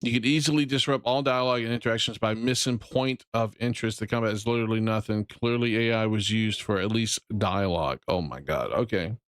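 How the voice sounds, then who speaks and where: A man's voice: on the low side, a little fast, hardly any pauses, fairly bright tone, no echo. A middle-aged man streaming games, chatting bluntly and rambling with casual profanity.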